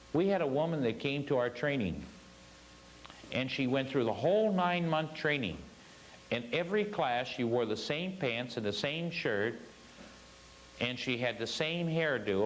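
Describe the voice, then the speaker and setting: A man's voice: medium pitch, lively intonation, measured pace, a little hiss or hum, rough recording. A man teaching a spiritual class, telling a story earnestly and stressing his points with repeated phrases.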